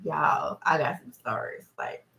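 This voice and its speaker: Giggly woman reacting loudly, bright voice. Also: deep voice, a little slow, creaky. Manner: laughs constantly, exclaims loudly. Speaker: reaction video host. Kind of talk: casual reaction commentary.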